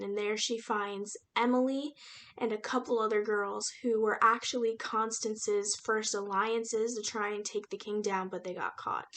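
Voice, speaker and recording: A young woman casually retelling a novel's plot in a chatty, slangy book review vlog, with lots of fillers. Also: mid-range voice. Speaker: book reviewer and aspiring writer.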